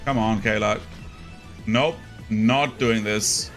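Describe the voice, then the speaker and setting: A man's voice: lowish voice, steady tone, takes it slowly, fairly bright tone, soft background music. A young man casually commenting on his gameplay, rambling and chatty with lots of fillers. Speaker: gaming streamer.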